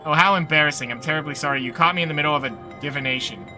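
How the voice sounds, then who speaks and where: A man's voice: fairly high pitch, racing, pushed and bright, faint music behind. A man reading aloud the lines of a nervous, fussy woman village mayor from a video game, flustered and overly polite.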